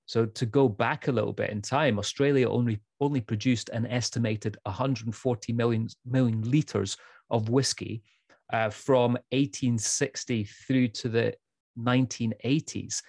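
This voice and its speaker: A man's voice: medium pitch, fairly even intonation, a little slow, gravelly, darkish tone, no echo, studio quality. A man co-hosting a casual podcast chat, chatty and prone to repeating words as he thinks. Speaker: podcast co-host.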